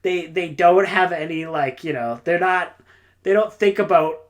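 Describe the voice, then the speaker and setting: A woman's voice: fairly low pitch, measured pace. A woman reviewing books in a casual, rambling monologue, enthusiastic and full of "like" and "uh". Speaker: book reviewer.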